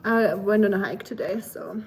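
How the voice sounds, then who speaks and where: A woman's voice: mid-range voice, moderate pace, slight background noise. A woman from Germany with a German accent, chatting casually and rambling with lots of fillers on a livestream. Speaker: live streamer.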